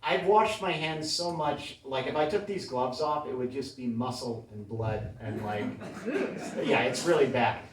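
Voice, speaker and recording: A man doing a stand-up comedy set in a small club, with a deadpan, self-deprecating delivery. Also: mid-range voice, a little slow, noisy background. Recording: roomy club sound from a far mic, crowd laughing. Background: audience laughter.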